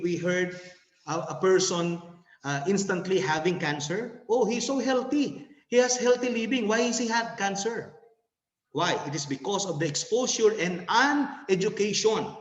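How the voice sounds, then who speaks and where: A man's voice: high voice, reverberant, big-room sound, low-quality recording. A man with a Filipino accent giving a nervous sales presentation over a video call, laughing and restarting often.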